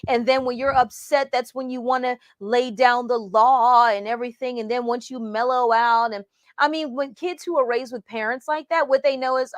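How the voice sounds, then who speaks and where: A woman gives a leadership lesson in an emphatic, animated teaching manner, often slipping into quoted voices to make her point. Her voice sits a little on the high side. The sound is dry and close. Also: moderate pace, no room sound. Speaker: leadership mentor teaching a class. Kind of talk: teaching talk from slides.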